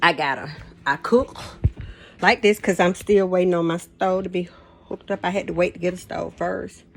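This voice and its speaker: A woman's voice: fairly low pitch, steady tone, normal speed, gravelly, slight background noise. Older lady rambling on in her kitchen, laughs a bunch, folksy way of talking. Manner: rambling, laughs often, folksy Southern turns of phrase. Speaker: vlogger. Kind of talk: casual storytelling to camera. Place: home kitchen.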